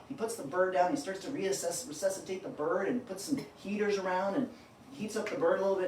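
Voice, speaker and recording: A man hosting a live cooking stream, telling a long joke and chatting in an animated, upbeat way. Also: high-pitched, slight background noise. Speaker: cooking show host. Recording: roomy kitchen sound from a distance.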